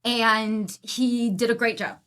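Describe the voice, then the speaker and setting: A woman's voice: on the high side, little pitch movement, slow, fairly bright tone. A woman who is a theater executive and former stage manager, telling a story on a casual podcast with lots of laughter.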